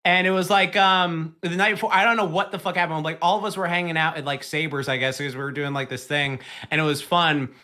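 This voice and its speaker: Man, fairly high bright voice, casual podcast chat, rambling and swearing. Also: steady tone, fairly quick, hardly any pauses. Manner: rambling, swears a lot, laughs while telling stories. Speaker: podcast co-host.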